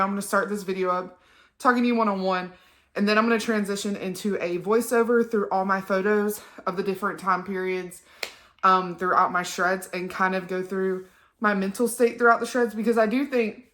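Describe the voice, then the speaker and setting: A young woman records a personal vlog indoors on her couch, speaking straight into her phone camera. Emotional and talkative, she fills her speech with ums, her voice medium-pitched and fairly bright.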